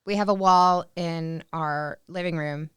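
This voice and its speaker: A woman with a low, smooth voice talks earnestly as a podcast guest. She pauses often on fillers, and the sound is close and dry. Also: steady tone, no echo. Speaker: guest, dog rescue founder. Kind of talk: casual chat.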